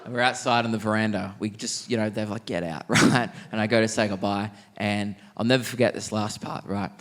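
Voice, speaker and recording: A young Australian man doing a stand-up comedy set in a large theatre, quick-witted and cheeky, laughing mid-line. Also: lowish voice, little pitch movement, fairly bright tone. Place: large theatre stage, live audience.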